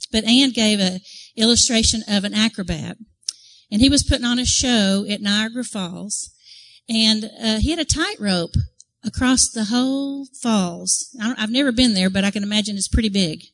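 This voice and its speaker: A woman's voice: fairly high pitch, poor audio. A woman giving a devotional talk to a church group, telling a story earnestly and acting out the crowd's reactions. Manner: earnest, conversational, asks the audience questions. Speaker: women's ministry speaker.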